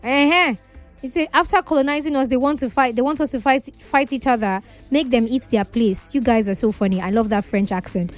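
A woman's voice: high voice, fairly quick, faint music behind. A young Nigerian woman co-hosting a radio show, bantering casually, teasing and mixing in Pidgin. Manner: laughing, teasing, mixes in Pidgin. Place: radio studio.

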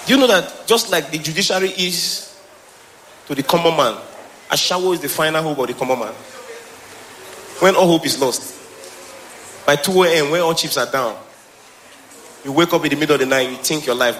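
Male stand-up comic with a Nigerian accent: high, bright, animated delivery, with faint live ambience behind. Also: fast, pauses often, slight background noise. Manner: animated, mixes Pidgin with English, laughs often. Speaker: stand-up comedian. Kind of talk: stand-up comedy special. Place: stage before live audience.

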